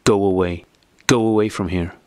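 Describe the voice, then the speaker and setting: A man's voice: sits low, steady tone, moderate pace, no room sound, close to an everyday voice. Bitter wronged wife, read by a man. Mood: anguished. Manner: sharp, accusing outbursts. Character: distraught wife, bitter and furious. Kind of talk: audiobook character reading.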